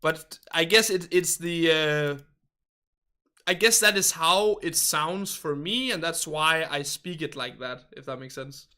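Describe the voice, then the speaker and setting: A man's voice: a little high, measured pace, sharp tone, clear, resonant tone. A young man from Denmark, chatting casually with viewers as a livestreamer in a rambling, hesitant, politely hedging way. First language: Danish. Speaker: game livestreamer.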